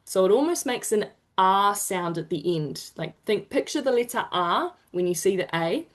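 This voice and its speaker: A woman's voice: medium pitch, expressive. Kiwi woman teaching vowel sounds over a video call, upbeat and encouraging, drags out the example sounds. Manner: encouraging, drawn-out demonstration sounds. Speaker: te reo Māori workshop presenter. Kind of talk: online teaching session.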